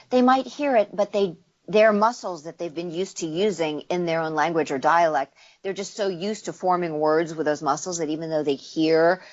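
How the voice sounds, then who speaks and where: A woman voice actor explains how accents work in a relaxed interview, breaking into little sound demonstrations as she goes. Her voice sits a bit low, and the recording is slightly dull and muffled. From United States. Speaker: voice actor and dialect coach, guest.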